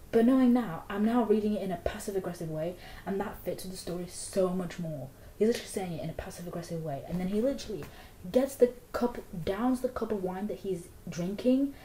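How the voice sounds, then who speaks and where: A woman's voice: medium pitch, dark tone, slight background noise. A young woman in casual book review chat, rambling with lots of "like" fillers. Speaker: book vlogger. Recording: echoey room.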